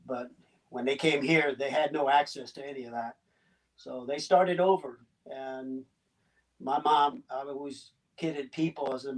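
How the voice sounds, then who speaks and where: A Cuban-born man in his sixties with a slight Southern US accent, telling his story as a guest in a casual interview, halting and chuckling as he goes. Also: medium pitch, steady tone. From Cuba. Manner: halting, chuckling, many restarts. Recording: distant mic.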